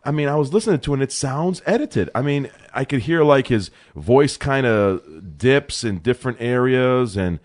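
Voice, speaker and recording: A young man co-hosting a sports podcast in a small studio, talking in an excitable, animated way and calling his partner bro. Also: mid-range voice, normal speed, hardly any pauses. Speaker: co-host. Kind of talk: casual sports talk.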